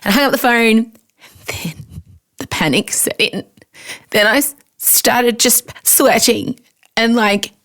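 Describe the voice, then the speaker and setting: A woman's voice: on the high side, fairly bright tone. A woman in her forties with an Australian accent, hosting a podcast in a chatty, self-mocking storytelling manner. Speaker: podcast host. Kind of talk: casual monologue.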